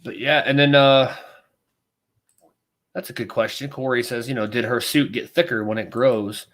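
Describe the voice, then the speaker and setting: Male podcast co-host, mid-pitched, chatty and rambling, acts out bits while telling stories. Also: normal speed. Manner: animated storytelling, acts out scenes with voices; rambling, self-interrupting. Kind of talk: casual chat.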